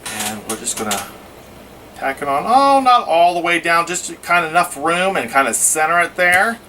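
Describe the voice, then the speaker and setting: A man's voice: a little high, big pitch swings, moderate pace, distant mic, noisy background. A man giving a casual scrapbooking how-to, chatting through each step as he works. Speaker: scrapbooking instructor.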